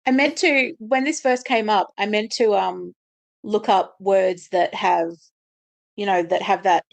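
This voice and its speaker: A woman's voice: medium pitch, a little slow, vocal fry. Giggly, rambling woman co-host. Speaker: podcast co-host. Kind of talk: casual chat.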